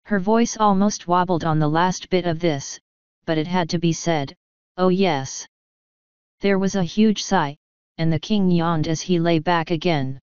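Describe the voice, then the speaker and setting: A woman reading a fantasy audiobook with steady, expressive storytelling. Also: on the low side, normal speed, clear, resonant tone, no echo, dull audio. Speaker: audiobook reader. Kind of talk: audiobook narration.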